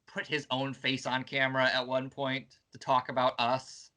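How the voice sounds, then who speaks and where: A man's voice: medium pitch, monotone, normal speed, pushed and bright. A young man hosting a casual chat, talking in a rambling, wry way and often stopping to restart his sentences. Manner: rambling, self-interrupting, wry. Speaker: channel host.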